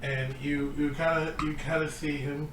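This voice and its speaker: A man's voice: on the high side, level tone, moderate pace, far from the mic, music in the background. A man narrating a tabletop game as dungeon master, laughing often as he tells the story. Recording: echoey room with noise.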